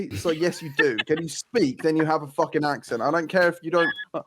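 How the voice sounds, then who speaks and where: A young man in casual chat as the group's dungeon master, animated, swearing freely and laughing often. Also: a little high, fairly quick, few pauses, a little hiss or hum.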